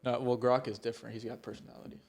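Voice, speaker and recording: A man's voice: medium pitch, flat delivery, fast talker, darkish tone. A young man co-hosting a casual podcast chat, rambling and swearing often, with laughs slipping into his sentences. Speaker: podcast co-host.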